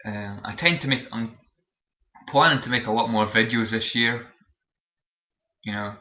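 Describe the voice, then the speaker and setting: A man's voice: fairly low pitch, unhurried. A young man from Scotland with a Scottish Borders accent, chatting casually in a vlog and rambling with lots of fillers and restarts. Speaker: vlogger. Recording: roomy, dull lo-fi webcam audio.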